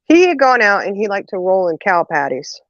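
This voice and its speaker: A woman hosts a casual chat and tells family stories in a lively, animated way. She acts out the voices in her tales, laughs often and leans on "you know." The recording is dry and slightly muffled. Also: mid-range voice, a little fast, no echo. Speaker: host. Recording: dull, muffled audio.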